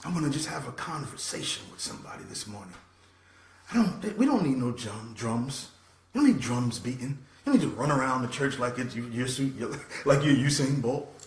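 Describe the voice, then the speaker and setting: A man's voice: mid-range voice, big pitch swings, fairly quick, slight background noise. Passionate preachy man, echoey room. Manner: preachy, swings from loud to soft. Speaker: host. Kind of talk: passionate motivational talk.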